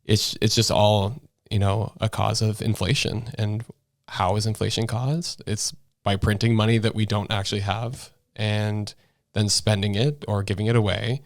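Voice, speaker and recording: A man's voice: fairly low pitch, fairly even intonation, normal speed, no echo, studio quality. A man from New Brunswick co-hosting a casual political podcast, chatty and rambling, often laughing. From New Brunswick, Canada. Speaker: podcast co-host.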